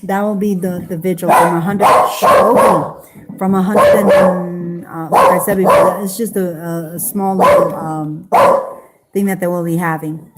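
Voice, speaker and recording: A woman chatting casually on a live stream, halting, with many fillers and restarts. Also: fairly low pitch, steady tone, very noisy. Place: home in Las Vegas.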